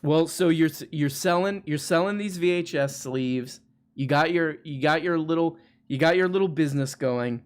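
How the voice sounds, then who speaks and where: A man hosting a live online show, talking in a loose, rambling way and joking with a caller. He often restarts his sentences. His voice sits a little high for a man. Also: moderate pace, smooth. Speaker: livestream host. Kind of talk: casual chat with a caller.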